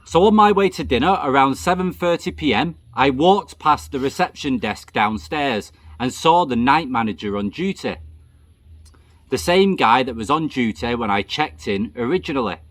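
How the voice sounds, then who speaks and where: A man and channel host reading a true story aloud in a steady, reflective storytelling manner. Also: mid-range voice, normal speed, no echo.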